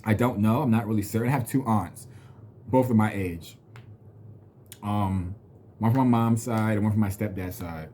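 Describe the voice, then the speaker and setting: A man's voice: fairly low pitch, moderate pace, pauses often, dark tone, slight background noise. A man in his thirties telling a personal story in a blunt, profane, venting way. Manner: blunt and profane, venting, slips into mocking quoted voices. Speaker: vlogger. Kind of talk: casual storytelling rant to camera.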